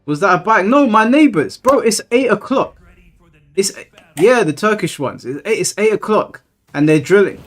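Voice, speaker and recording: A man's voice: high-pitched, expressive, normal speed, fairly bright tone, faint music behind. A young man, chatting casually and ranting with plenty of swearing on his live stream, exasperated.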